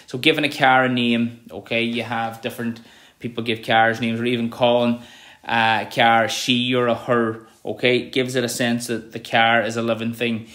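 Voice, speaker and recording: In this recorded revision lesson, an Irish man explains terminology, regularly pausing to check with an "okay" and reading examples aloud slowly. His voice is medium in pitch and fairly bright, with little pitch movement.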